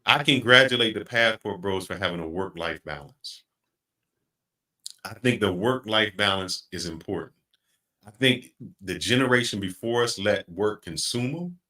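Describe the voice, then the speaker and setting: A middle-aged man hosting a podcast, speaking in an earnest, reflective way and slowing down to stress his points. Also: on the low side, bright, forceful tone. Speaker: podcast host. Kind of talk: casual podcast chat.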